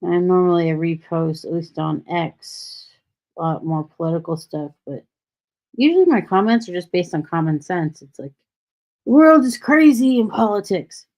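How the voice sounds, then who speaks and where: A low-pitched, slightly mellow woman's voice at a moderate pace carries this casual solo livestream from a home in Texas. The host rambles freely and slips in sarcastic asides over dull, lo-fi audio.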